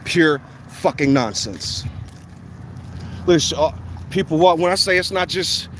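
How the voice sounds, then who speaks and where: Man, blunt profane vlog rant, high-pitched; outdoor recording with heavy traffic noise. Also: lively intonation, unhurried, a bit bright. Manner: blunt, heated, profane ranting. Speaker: vlogger. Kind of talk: walking vlog monologue. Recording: outdoor street noise, passing cars.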